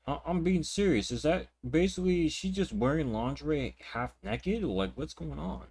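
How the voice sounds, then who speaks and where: A man's voice: on the high side, animated, normal speed, darkish tone, breathy edge. A young man ranting indignantly while reacting to clips, talking in a profane, repetitive way. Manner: repeats words and restarts sentences. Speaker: reaction channel host. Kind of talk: reaction commentary.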